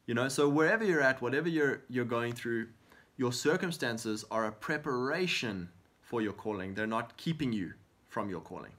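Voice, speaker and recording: A man co-hosting a Christian talk show in an earnest, encouraging voice. He sits at a middle pitch and talks things through, often acting out prayers and questions to God as quotes. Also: expressive, normal speed, fairly bright tone. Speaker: co-host of a faith talk show.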